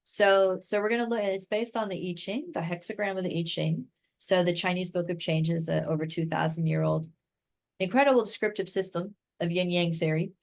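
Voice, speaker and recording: A woman's voice: on the low side, steady tone, brisk, gravelly. A woman from the United States, a guest expert on a podcast, talking enthusiastically in long chatty runs full of "like" and "right?". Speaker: guest expert in human design. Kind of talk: casual podcast interview.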